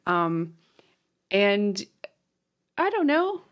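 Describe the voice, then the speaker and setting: A woman's voice: medium pitch, big pitch swings, drawn-out words. A woman co-hosting a podcast, chatting casually and bluntly about a film and laughing along. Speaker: podcast co-host. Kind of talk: casual film review chat.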